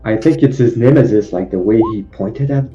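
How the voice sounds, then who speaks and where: A teasing man at a tabletop game, with a dark, mellow voice. He is recorded on a dull, muffled mic in an echoey room. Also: fairly low pitch, fairly quick, soft background music. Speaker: player. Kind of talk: casual game chat.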